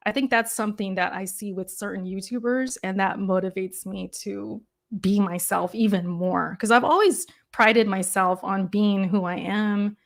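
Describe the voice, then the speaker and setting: Calm-voiced woman chatting on a call. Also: mid-range voice, normal speed, vocal fry. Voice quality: calm, soft-spoken delivery. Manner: thoughtful, laughs often, frequent restarts. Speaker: guest gamer and YouTuber. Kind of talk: casual interview chat.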